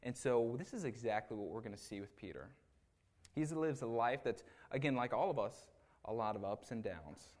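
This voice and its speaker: Man, assistant pastor, relaxed sermon, mid-range voice, chatty, keeps asking "right?". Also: medium pitch, moderate pace. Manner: casual, tags lines with "right?"; animated retelling with acted asides. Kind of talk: conversational sermon.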